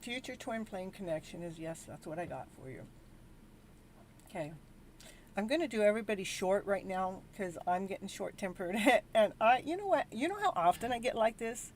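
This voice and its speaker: A woman's voice: medium pitch, lively intonation, moderate pace, slight background noise. A tired, worn-out woman hosting a live tarot reading, rambling and exasperated as she talks to her viewers. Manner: rambling, weary and exasperated, with frequent restarts. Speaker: tarot reader and show host.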